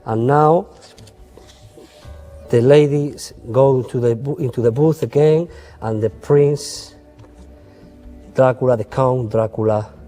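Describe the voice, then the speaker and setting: A man's voice: medium pitch, slow pace, long pauses, warm tone. Male magician explaining sleights in plain broken English, faint music under him. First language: Spanish. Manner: simple, broken English with frequent "okay?" and "eh?" checks; playful, storytelling patter. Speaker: magician teaching card sleights. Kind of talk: instructional demonstration.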